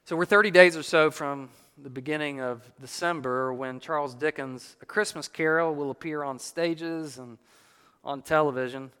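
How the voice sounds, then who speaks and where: Bright-voiced male preacher in a hall. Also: on the high side, moderate pace, clear, resonant tone. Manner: animated storytelling with light laughs. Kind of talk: sermon.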